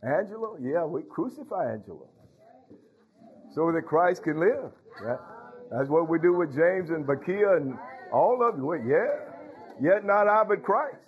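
High-voiced preaching pastor, slow. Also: male voice, lively intonation, phone-quality sound. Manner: call-and-response preaching with frequent hallelujahs. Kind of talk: sermon.

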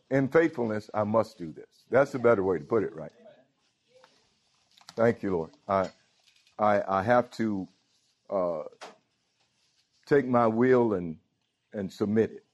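A man's voice: fairly low pitch, a little slow, long pauses. A pastor preaching a sermon. He talks informally and keeps calling out to his congregation. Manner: informal preaching with frequent call-outs to the congregation. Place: church.

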